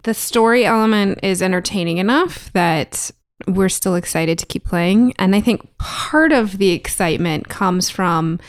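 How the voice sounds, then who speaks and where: A woman's voice: medium pitch, measured pace, hardly any pauses, smooth. A woman chatting casually about board games, laughing often. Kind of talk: casual chat.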